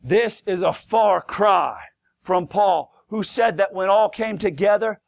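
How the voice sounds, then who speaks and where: A man preaching a fiery Pentecostal sermon in a church, swinging from low conversational asides to shouted exhortation in plain, folksy speech. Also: takes it slowly, creaky, highs cut off. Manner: folksy plain-spoken grammar. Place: church sanctuary.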